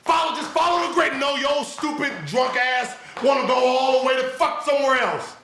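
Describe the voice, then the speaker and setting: A man hosting a podcast, loudly ranting in profane, incredulous reaction commentary. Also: very high voice, steady tone, moderate pace, echoey room, a little hiss or hum. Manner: loud, profane, incredulous shouting. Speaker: podcast host.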